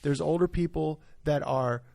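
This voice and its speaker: A male pastor with a fairly high-pitched voice talks earnestly on a church podcast. He leans into his points with emphasis and keeps tossing in quick "right?" checks to his co-host. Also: gravelly, mellow. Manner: earnest, emphatic, full of "right?" tag questions. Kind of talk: podcast discussion.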